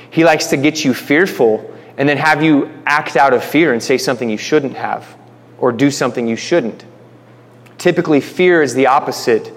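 Man, Bible teacher, casual sermon, informal, repeats words, middle pitch, long reverb. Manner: informal, restarts phrases, addresses listeners as guys. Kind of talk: conversational Bible-study sermon.

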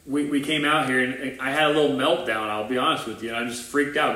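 A man's voice: medium pitch, fairly even intonation, fast, hardly any pauses, sharp tone. A man preaching a sermon as pastor of a new church, earnest and informal, with restarts and asides. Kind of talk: conversational livestream sermon. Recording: roomy echo.

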